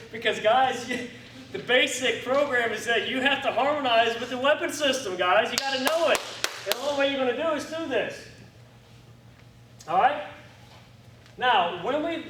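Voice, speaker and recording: A man teaching a firearms class in a lively coaching way, acting out his students' reactions. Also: very high-pitched. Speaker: firearms instructor. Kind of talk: classroom instruction. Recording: echoey room, distant mic, faint noise.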